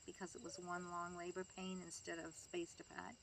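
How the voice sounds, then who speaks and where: Interviewed about her family, a grandmother in her later years tells chatty stories, laughing and imitating those she quotes. Her lowish voice is flat and brisk with few pauses, a bit bright, and carries a faint hiss or hum.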